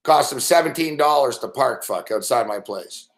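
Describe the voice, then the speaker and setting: A man's voice: mid-range voice, lively intonation, normal speed, creaky. A man hosting a late-night sports betting show, ranting casually and swearing constantly as he rambles. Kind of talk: late-night live stream rant.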